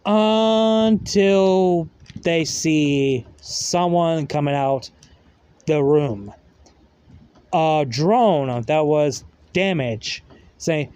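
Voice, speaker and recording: A man's voice: fairly high pitch, drawn-out words, darkish tone, clear, resonant tone, dry recording. A man casually retelling a fan story in a rambling way, full of fillers and loose grammar.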